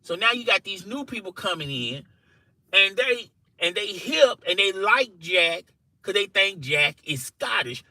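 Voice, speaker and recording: A man telling a funny workplace story to camera in an animated, conversational way, often checking in with "okay?" and "you know". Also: high-pitched, measured pace, no room sound, low-quality recording. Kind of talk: casual story told to camera.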